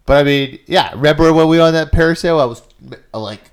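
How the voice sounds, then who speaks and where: A man's voice: on the high side, fast, clear, resonant tone. A man co-hosting a casual podcast, laid-back and answering in short remarks. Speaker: podcast co-host. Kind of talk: casual chat.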